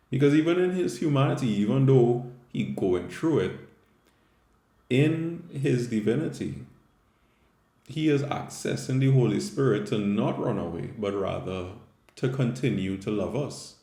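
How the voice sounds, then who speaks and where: A man's voice: fairly low pitch, vocal fry, warm tone, reverberant. A man with a Caribbean English accent, a Catholic theologian and teacher, giving a conversational scripture reflection with frequent tag questions.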